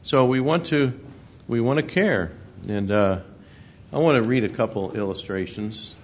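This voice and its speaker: A man preaching a sermon, halting and repeating words, then reading scripture and stories aloud more loudly. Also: medium pitch, expressive, a little hiss or hum. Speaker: pastor. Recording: dull lo-fi recording.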